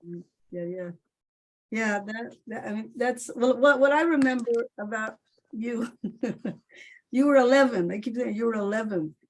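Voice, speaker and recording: An older woman on a video call, telling lively stories with frequent laughter and loud bursts. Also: on the high side, a little slow, pauses often, slight background noise. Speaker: honored guest playwright.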